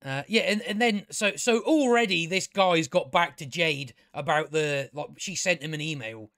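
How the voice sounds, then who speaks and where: A man's voice: fairly high pitch, moderate pace, a bit bright, dry recording, studio quality. A man giving a casual, rambling review of a TV episode, chatty, with frequent restarts and casual swearing. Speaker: TV review channel host.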